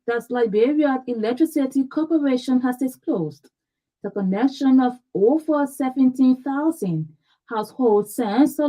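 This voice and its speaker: A woman newsreader reading a radio news bulletin in a measured, formal way, with a few slips. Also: high voice, dark tone, low-quality recording.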